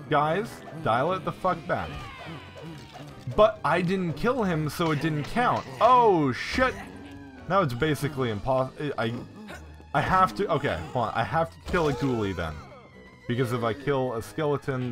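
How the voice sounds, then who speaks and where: A man giving casual, excitable gameplay commentary and swearing often. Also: mid-range voice.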